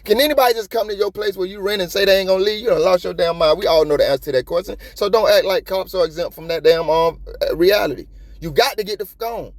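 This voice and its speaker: A man giving casual, profane commentary on a police video in streetwise slang, animated and talkative. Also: high voice, quick pace, no room sound. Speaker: copwatch commentator.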